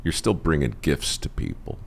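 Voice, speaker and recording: A middle-aged man hosts a podcast in a relaxed, teasing chat with an old friend. His voice sits very low and gravelly, and it swoops up and down a lot as he jokes around. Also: moderate pace. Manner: animated, teasing and playful. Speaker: podcast host. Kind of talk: casual chat.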